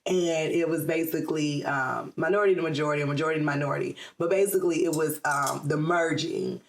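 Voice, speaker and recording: A woman's voice: deep voice, steady tone, fast, echoey room. Chatty woman from the Atlanta area. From Atlanta area, USA. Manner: chatty, laughs often, many ums. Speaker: guest. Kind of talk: casual interview chat.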